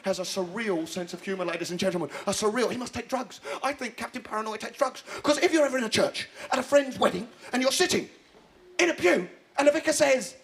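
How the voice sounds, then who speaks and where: A man performing a live stand-up routine on a television stage, talking in a quick, theatrical way. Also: extremely high pitch, animated, a bit bright. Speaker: stand-up comedian. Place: television studio stage before an audience. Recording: live audience laughter.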